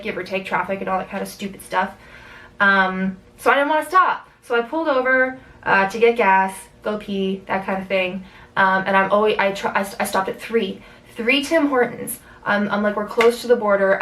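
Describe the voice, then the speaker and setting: A young Canadian woman telling a road-trip story in a casual vlog, animated, swearing freely and acting out what people said. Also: far from the mic, low-quality recording. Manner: animated, swearing, acts out quotes with big pitch jumps. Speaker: vlogger.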